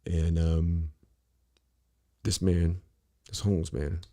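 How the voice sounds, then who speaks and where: A man's voice: sits low, flat delivery, slow, mellow. A middle-aged man talking bluntly and casually on a podcast, rambling and profane, with lots of "you know" between his thoughts.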